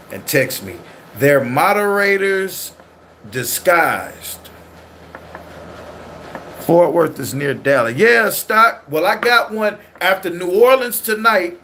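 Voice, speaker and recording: A man's voice: medium pitch, animated, takes it slowly, pushed and bright, slight background noise. A man with a California accent and Southern slang, hosting a casual livestream and talking loosely and ramblingly to his chat. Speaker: livestream host.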